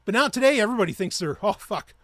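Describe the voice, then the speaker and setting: A man's voice: high voice, sing-song, racing, a bit bright, no room sound. A man hosting his own podcast, ranting in a heated, profane and sarcastic way. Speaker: podcast host. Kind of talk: ranting solo podcast talk.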